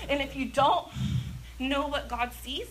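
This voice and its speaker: A woman giving an excited, passionate church message, chatty and laughing often as she speaks. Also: sits high, measured pace, a little hiss or hum. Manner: chatty, many fillers. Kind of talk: prophetic activation message.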